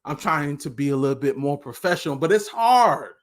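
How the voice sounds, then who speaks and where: A man giving a passionate live motivational talk as a life coach, with a preaching cadence that at times turns loud. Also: fairly high pitch, lively intonation, brisk.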